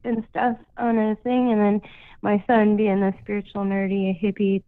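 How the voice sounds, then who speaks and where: A woman's voice: mid-range voice, little pitch movement, normal speed, smooth, dry recording. Woman, radio caller, casual storytelling, chatty, fillers, tinny phone line, dry sound. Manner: chatty, full of "like" and "you know".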